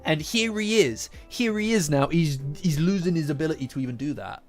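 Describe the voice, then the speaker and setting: A man hosting a casual manga reaction, animated and profane, repeating lines for emphasis. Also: a little high, fairly quick. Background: faint lofi background music.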